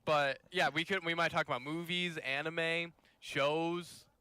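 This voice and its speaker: A young man co-hosting a casual podcast, joking around and making playful shout-outs. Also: fairly high pitch, fairly even intonation, measured pace, smooth, no echo. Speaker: podcast co-host. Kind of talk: casual chat.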